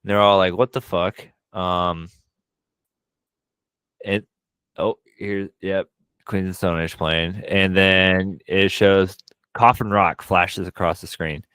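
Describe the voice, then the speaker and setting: A man co-hosting a podcast, casually recapping a horror film with animated bursts, quoted lines and frequent swearing. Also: low-pitched, slow, long pauses, clean tone, dry recording. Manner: frequent profanity. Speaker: podcast co-host. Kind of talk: casual movie recap chat.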